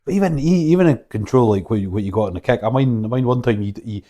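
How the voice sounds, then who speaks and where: A podcast host, a man who talks quickly in a mellow, warm voice. He asks halting questions and stumbles over his words. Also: medium pitch, expressive. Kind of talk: casual interview.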